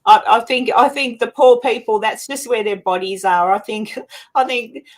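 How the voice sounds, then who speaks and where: A woman's voice: fairly high pitch, moderate pace. A woman co-hosting a casual group chat, talking earnestly with many restarts and fillers.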